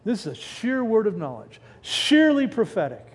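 A man preaching a sermon in a church, animated, firing rhetorical questions and breaking off mid-word. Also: sits high, normal speed, hardly any pauses, husky. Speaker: pastor. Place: church sanctuary. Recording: reverberant hall.

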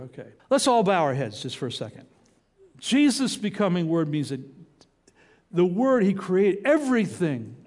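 A middle-aged pastor preaches in a lively, story-driven sermon, tossing quick asides to his listeners. His voice sits high for a man and swoops widely up and down. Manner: animated storytelling with emphatic asides.

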